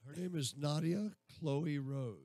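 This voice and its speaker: A man's voice: on the high side, measured pace, dark tone, no room sound. A man hosting a radio show, chatting casually in a rambling, jokey way. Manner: rambling, jokey, breaks into silly accents.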